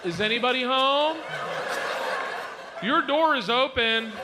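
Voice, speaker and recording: A man's voice: very high-pitched, takes it slowly, voice pushed up. A man putting on a sweet, overly polite carrot. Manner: sweet, cheery, courteous. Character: overly polite male carrot, visiting neighbor. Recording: live stage recording with audience noise.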